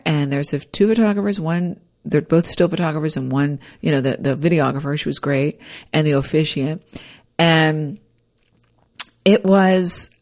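A woman casually telling a personal story, animated and rambling, with frequent restarts. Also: deep voice. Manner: animated, acts out quoted dialogue.

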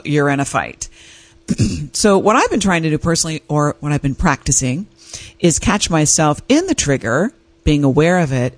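A woman hosting an advice show, telling personal stories in a candid, animated way with frequent laughs. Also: sits low, dry recording. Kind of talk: casual talk-show monologue.

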